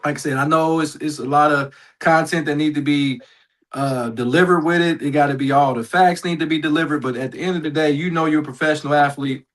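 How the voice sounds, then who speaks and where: A man with a somewhat high voice talking casually on a sports podcast. He answers listener comments in a blunt, plainspoken way. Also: fairly even intonation, fairly quick, poor audio. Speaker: podcast co-host.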